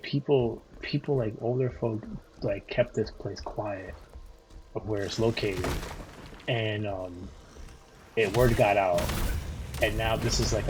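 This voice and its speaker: Against a noisy background, a fairly low-pitched male gaming streamer from Florida chats loosely with viewers mid-game. He swears, rambles, leans on fillers, restarts often, and talks back to what people type in chat.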